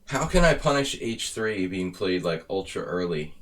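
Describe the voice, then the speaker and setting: Deep-voiced American man musing over chess moves. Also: sing-song, normal speed. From near Philadelphia, USA. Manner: thinks aloud about moves, wry asides. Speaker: chess streamer. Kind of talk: live blitz chess commentary.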